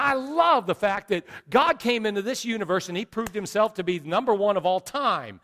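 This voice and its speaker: A man's voice: high voice, a bit bright. A middle-aged man preaching a sermon as pastor, emphatic and repetitive. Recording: long reverb of a large hall.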